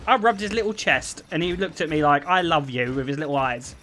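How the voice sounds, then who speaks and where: A young man streaming and chatting casually, telling stories in an animated way with frequent laughter. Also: on the high side, fairly quick, slight background noise. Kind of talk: casual chat.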